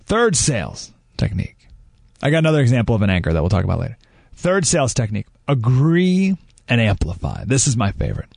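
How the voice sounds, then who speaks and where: A man's voice: medium pitch, huge pitch swings, fairly quick, gravelly, a little mellow, no room sound, clean studio sound. A man hosting a talk radio show, giving emphatic commentary full of rhetorical questions.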